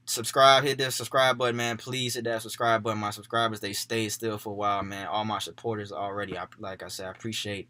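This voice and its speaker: A young man casually talking through his football playoff picks for his channel. He keeps things laid-back, drops "man" into most sentences, and gets louder and more worked up when he backs a pick. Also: on the low side, dry recording. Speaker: sports YouTuber.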